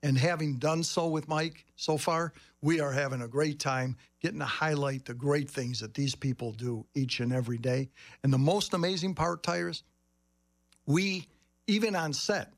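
Earnest male guest, upbeat, a touch higher-pitched. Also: moderate pace. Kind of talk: casual interview talk.

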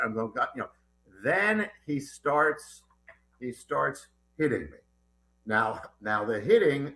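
Man, middle-aged, interview guest, animated storytelling, frequent restarts, bright tone. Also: mid-range voice. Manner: animated, urgent, with many restarts. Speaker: author guest. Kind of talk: recounting a personal story in an interview.

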